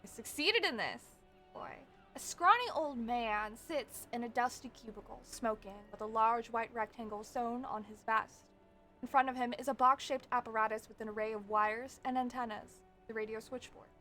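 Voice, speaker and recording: A woman's voice: fairly high pitch, moderate pace, bright, forceful tone, faint music behind. A young woman streaming a game, reading its text aloud and chatting with viewers, swearing now and then. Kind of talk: casual game-reading and chat.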